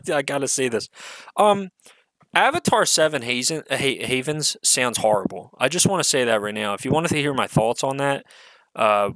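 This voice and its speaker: A man's voice: medium pitch, a bit bright, no room sound, poor audio. A man giving an unscripted solo rant as an online commentator, profane, exasperated and sarcastic, swearing often amid fillers.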